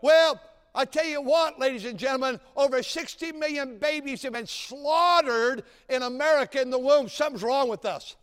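A man preaching a sermon, telling folksy stories and building to shouted exhortation. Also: very high voice, moderate pace. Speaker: pastor. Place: large church sanctuary. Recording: church sanctuary with long reverb.

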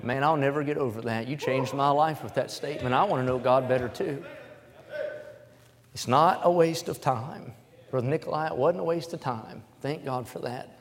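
A man's voice: mid-range voice, moderate pace, a crowd in the background. Preacher man in a reverberant hall. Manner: builds to loud, emphatic scripture reading. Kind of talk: sermon.

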